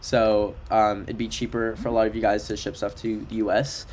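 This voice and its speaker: A young man from Canada plays a video game on a livestream, speaking at a moderate pace in a fairly low, level, darkish voice. His casual chat is playful and full of fillers, with occasional nonsense-syllable singing. Game music can be heard faintly in the background.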